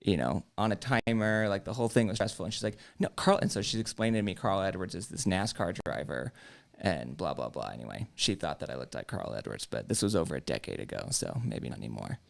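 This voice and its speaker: Low, gravelly man telling jokey stories. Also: lively intonation, fast, few pauses. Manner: joking, casual storyteller, swears freely. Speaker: co-host of a live stream show. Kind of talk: casual chat.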